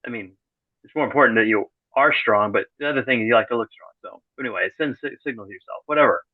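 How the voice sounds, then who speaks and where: A middle-aged man speaks as a podcast guest in a loose, conversational way. He often restarts his sentences and drops in deadpan sarcasm. His voice comes through a thin, phone-like line with no room echo. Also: mid-range voice, fast. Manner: rambling, self-correcting, dry sarcastic humor. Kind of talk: casual conversational interview. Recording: tinny phone-like call audio.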